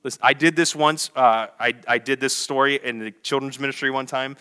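A young adult man preaching a lively sermon, telling a story with big energy and acting out the voices in quotes. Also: mid-range voice, brisk, smooth. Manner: animated, acts out voices in quotes. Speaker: pastor.

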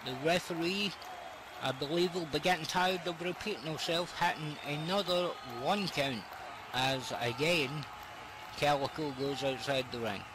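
A man giving excitable, rambling play-by-play commentary on a wrestling match. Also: on the high side, unhurried, a crowd in the background, noisy background.

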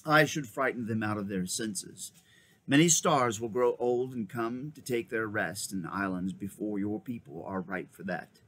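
A man voicing a great male lion, grave and kingly, with a lower, slow, solemn delivery in a storybook reading. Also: fairly bright tone. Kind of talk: storybook read-aloud.

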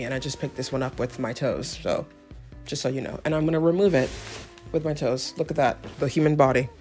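A young woman hosting a casual clothing haul vlog at home, playful and self-mocking, chatting straight to the viewer with theatrical asides. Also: low-pitched. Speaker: fashion vlogger.

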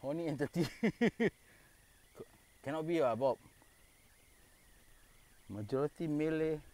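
A man with a Singaporean English accent, live-streaming from a dark park at night and chatting casually, joking and bantering, with Malay phrases mixed in. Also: on the high side, slow, no room sound. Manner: jokey, banters with spirits, mixes in Malay phrases. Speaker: paranormal explorer live-streaming.

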